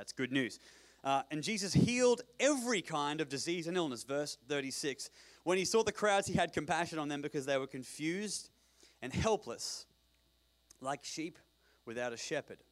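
A man's voice: mid-range voice, fairly bright tone. A man from Australia with an Australian accent, preaching a sermon in a joking, conversational way, with digressions and repeated words. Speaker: pastor.

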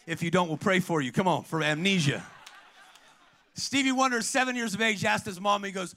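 A middle-aged pastor preaching an energetic sermon, calling out to the congregation and telling stories. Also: male voice, high-pitched, a little fast. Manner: preaching with call-outs to the congregation, storytelling.

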